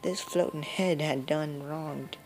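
A drawling, homespun old grandmother from a video game, as a woman reads her lines. The voice is low with a gravelly fry, and the recording carries steady background noise. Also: slow pace. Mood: folksy. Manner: drawling folksy speech, reading game dialogue aloud. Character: folksy grieving old grandmother. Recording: noisy home recording.

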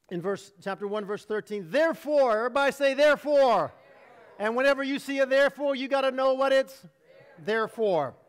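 A man preaching a sermon as pastor, animated and humorous, acting out voices in his storytelling. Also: very high-pitched, in a large hall. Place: church sanctuary.

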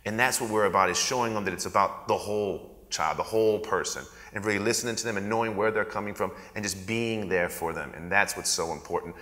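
A man's voice: fairly low pitch, fast, few pauses. A man giving a conference talk, acting out the people in his stories as he tells them. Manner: animated storyteller acting out quotes. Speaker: conference presenter. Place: conference hall. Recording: echoey hall.

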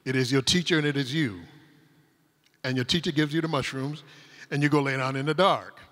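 A man's voice: mid-range voice, steady tone, a little fast, fairly bright tone. A man with a mid-range voice tells winding, humorous stories from a conference stage. His words ring out with a long reverb from the big hall around him. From Detroit, Michigan, USA. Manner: rambling, humorous anecdotes told with asides. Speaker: conference speaker. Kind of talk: storytelling talk on stage. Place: converted industrial hall used as a conference venue.

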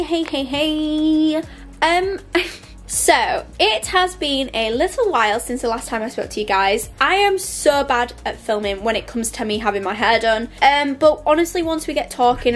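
A young woman vlogs to a handheld camera at home in a high, light voice. She rambles in a chatty, bubbly way, and faint music plays behind her. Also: lively intonation, normal speed. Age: young adult. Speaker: vlogger. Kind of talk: casual vlog to camera. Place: home, indoors.

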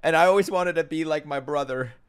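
A man hosting an anime reaction, excitable and emotional, swearing often as he talks over the show. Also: a little high, fairly quick, clean tone. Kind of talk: live reaction commentary. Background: anime soundtrack playing.

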